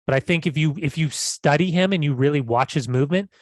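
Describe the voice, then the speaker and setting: A man's voice: fairly high pitch, fast talker, no room sound, studio quality. A man co-hosting a podcast, talking casually and animatedly, often repeating words as he starts a thought. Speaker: podcast co-host.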